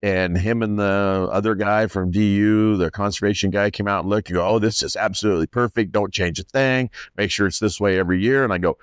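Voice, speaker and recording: Low smooth farmer guy rambling through stories, quotes folks, restarts a lot. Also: steady tone, a little fast, hardly any pauses, no room sound, studio quality. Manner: rambling storyteller, many restarts and quoted dialogue. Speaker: farmer and landowner guest. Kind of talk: casual conversation.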